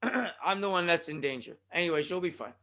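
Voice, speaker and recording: A Californian man hosts his own podcast, rambling casually through jokey asides and addressing his listeners as folks. His voice is high-pitched and sharp, and he talks a little fast.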